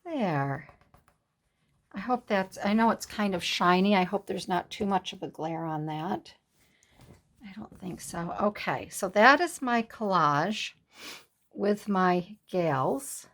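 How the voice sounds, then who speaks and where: A woman's voice: medium pitch, expressive, takes it slowly, fairly bright tone. A woman hosting a collage craft video, chatting casually and telling stories while she works. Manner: chatty, storytelling, laughs easily.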